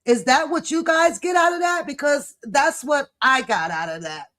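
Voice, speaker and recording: A woman hosting a commentary channel, reading text messages aloud and reacting in an emphatic, sassy way with loud outbursts. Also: high-pitched, animated, moderate pace.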